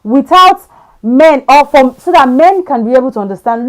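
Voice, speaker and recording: A woman hosting a casual interview, putting her question carefully and measuredly. Her voice sits a little high and sinks at the close of her phrases. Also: lively intonation, normal speed. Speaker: host.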